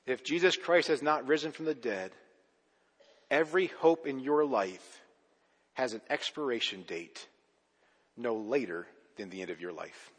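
A male pastor delivers a sermon in a church sanctuary, his voice a little husky. He punches key words loudly, then lets phrases sink low and soft. A long reverb trails behind every line. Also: unhurried, pauses often. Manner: emphatic, swinging between loud urgent stresses and low quiet endings.

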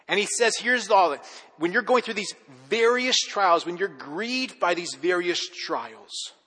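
A man preaching a sermon as pastor, telling stories with animation and then dropping to a soft, earnest hush. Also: fairly high pitch, breathy edge, big-room sound.

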